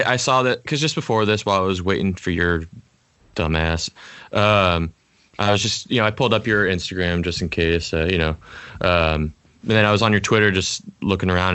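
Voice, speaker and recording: A man's voice: fairly low pitch, a bit bright, clear, resonant tone. A young man in his twenties hosting a podcast over a video call, chatting casually, teasing and joking. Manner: joking, teasing, quick to laugh. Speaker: podcast host. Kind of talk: casual chat.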